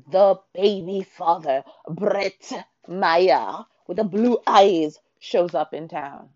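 A woman with a low voice chats about a novel she just read, excitable and quick to swear, with fillers at every turn. The sound is dry and a little dull, as if from a modest home mic. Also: no echo. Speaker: book reviewer. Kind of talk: casual spoiler-filled book chat.

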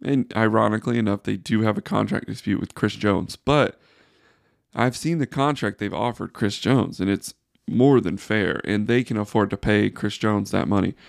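A man's voice: lowish voice, normal speed, creaky, no echo, studio quality. A man hosting a solo sports podcast, ranting in exasperated frustration. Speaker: podcast host.

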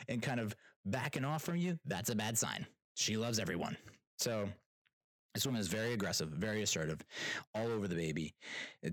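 A young father tells a story in a casual monologue, his medium-pitched voice a bit bright and the recording free of echo. He sounds exasperated and rambles, restarting often and trailing off into asides.

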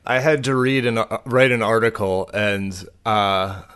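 A man's voice: on the low side, measured pace, a bit bright, smooth. A young man co-hosting a podcast in casual chat, joking and swearing, laughing often. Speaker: podcast co-host.

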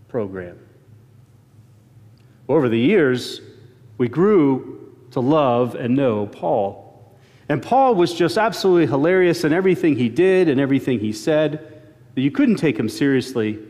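A man's voice: a little high, a little mellow. A male pastor preaching a sermon, moving from an earnest prayer into plain storytelling. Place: church sanctuary. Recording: long church reverb.

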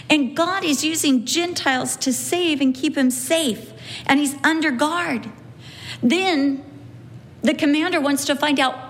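Woman Bible teacher, high voice, earnest and repetitive, acts out quotes. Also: fairly bright tone.

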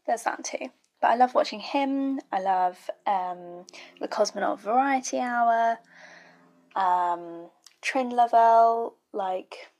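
A woman's voice: medium pitch, a little mellow. A young woman giving casual, blunt, sweary reaction commentary while watching a show. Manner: blunt, sweary, chatty asides. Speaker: YouTube reaction host.

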